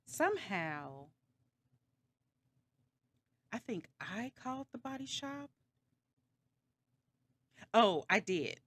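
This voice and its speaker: A woman's voice: medium pitch, very animated, very slow, pauses often, a bit bright, no room sound. A woman vlogger telling a story in a casual, rambling way, slightly dramatic and sarcastic, backtracking often with lots of fillers.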